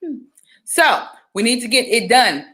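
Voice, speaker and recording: Young woman, livestream host, bright and lively, talks straight to her viewers. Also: fairly high pitch, a little slow. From Georgia, US. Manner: chatty, animated, breaks into sung exclamations. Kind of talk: casual livestream chat.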